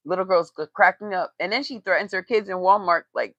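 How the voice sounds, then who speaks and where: A woman's voice: on the low side, brisk, hardly any pauses, fairly bright tone, no room sound. A woman giving blunt, profane, mocking gossip commentary on a casual livestream. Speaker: tarot reader and commentator. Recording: dry, slightly dull lo-fi sound.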